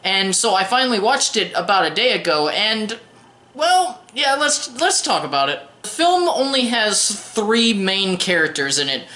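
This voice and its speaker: A woman's voice: mid-range voice, big pitch swings, unhurried, bright, forceful tone. Wry young woman reviewing films. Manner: wry, sarcastic, stumbles and restarts. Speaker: film reviewer. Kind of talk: casual spoken movie review. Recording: roomy echoey room.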